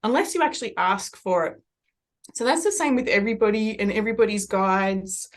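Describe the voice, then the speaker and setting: An Australian woman working as a medium, telling rambling, animated stories in a relaxed podcast chat. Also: mid-range voice, brisk.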